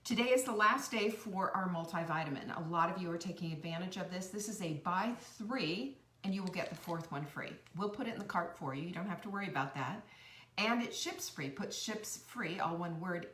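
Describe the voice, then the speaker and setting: A woman's voice: fairly low pitch, expressive, a little fast, fairly bright tone, recorded from a distance. A middle-aged woman, a nutritionist hosting a live stream, talking to her viewers in a chatty, effusive and heartfelt way, rambling and restarting her sentences. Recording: roomy sound, speaker away from the mic.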